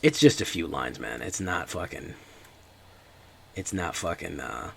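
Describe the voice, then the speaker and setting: A man with a deep voice giving casual, joking commentary while streaming a card game. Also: gravelly, a bit bright, a little hiss or hum. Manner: joking, chatty, talks to chat.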